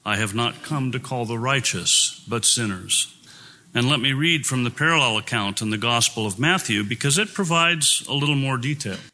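A man delivers a sermon with firm, earnest emphasis, quoting scripture and pressing his points home. His voice is bright and forceful, sitting at an ordinary male pitch. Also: normal speed. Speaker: preacher.

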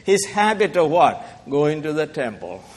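A male preacher delivering a sermon in a church, his slow, deliberate delivery rising from hushed asides to soaring, impassioned lines. His voice sits fairly high for a man. Long reverb from the hall trails every phrase. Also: big pitch swings, husky. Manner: impassioned, swings from hushed to soaring, asks the crowd questions. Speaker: pastor.

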